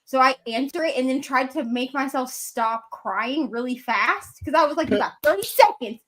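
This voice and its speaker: A woman in a casual livestream chat who tells an animated story, full of "like" fillers. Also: sits high, normal speed. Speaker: co-host.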